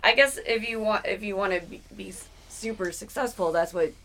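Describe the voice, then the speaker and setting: A woman musician chats casually as a guest. Her speech is relaxed and trails off softly at the ends of phrases. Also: medium pitch, fairly quick, a crowd in the background. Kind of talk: casual chat.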